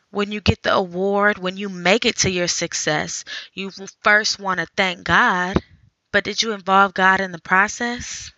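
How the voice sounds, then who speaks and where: A woman hosting a faith podcast, talking earnestly in a conversational way, thinking out loud. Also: medium pitch, fairly even intonation, unhurried, no echo, dull audio. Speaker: podcast host.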